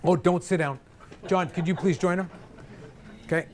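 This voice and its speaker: A male vocal coach leading a live group singing workshop, energetic and directive, joking with the singers. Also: high-pitched, moderate pace.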